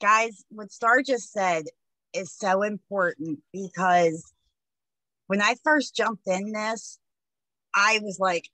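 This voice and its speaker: A woman's voice: medium pitch, measured pace, bright, forceful tone, no echo, poor audio. A woman talking frankly and encouragingly to her team on a video call from her computer. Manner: frank and encouraging, a bit blunt. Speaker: team member giving advice. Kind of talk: casual motivational talk on a video call.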